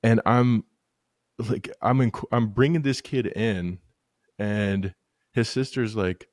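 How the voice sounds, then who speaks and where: A man hosts a casual podcast, telling animated stories bluntly and swearing freely. His fairly low voice takes its time with long pauses, recorded dry and studio quality.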